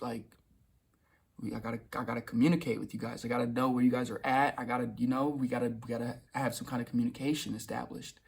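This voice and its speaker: A young man talks straight to his vlog audience in a loose, rambling way. He restarts sentences, repeats words and drops the odd curse. His voice is husky and sits at an ordinary pitch. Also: steady tone, fast talker. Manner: swears casually. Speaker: vlogger. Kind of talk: casual storytelling monologue.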